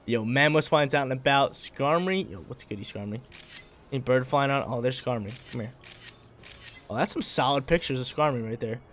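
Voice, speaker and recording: A man's voice: mid-range voice, brisk, a bit bright, a little hiss or hum. A man giving casual, hyped gameplay commentary, talking in slang and laughing often.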